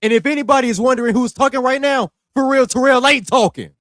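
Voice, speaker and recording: A man's voice: very high-pitched, fast talker, fairly bright tone, no echo, clean studio sound. A young man hosting a wrestling podcast, ranting in a heated, slangy, scolding way. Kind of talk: casual ranting commentary.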